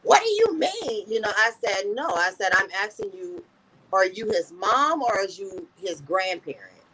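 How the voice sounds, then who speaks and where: Woman telling her story in an interview, earnest and kinda soft, keeps saying "i said". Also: medium pitch, very animated, moderate pace, husky, rough recording. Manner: earnest, repeats "I said" while retelling conversations. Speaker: interview guest. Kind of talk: personal storytelling.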